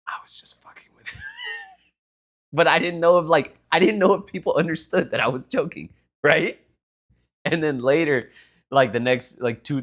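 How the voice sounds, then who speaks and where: A young man co-hosting a podcast, telling a rambling story in casual chat and laughing as he goes. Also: medium pitch. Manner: rambling, animated, laughs through his story. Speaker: podcast co-host.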